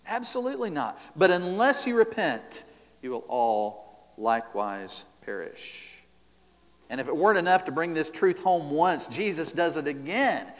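A man preaching a sermon as pastor, rising and falling sharply in pitch and loudness for emphasis. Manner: expressive preaching with wide swings in pitch and loudness. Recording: long hall reverb.

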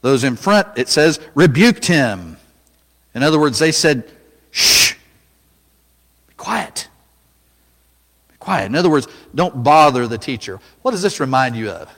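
A man preaching a sermon, dramatic, rising to loud cries when he acts out a scene. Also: medium pitch, sing-song, moderate pace, in a large hall.

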